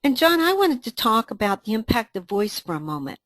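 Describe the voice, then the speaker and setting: A woman's voice: a little high, big pitch swings, fairly quick, fairly bright tone, no echo. Woman presenting a scripted training webinar.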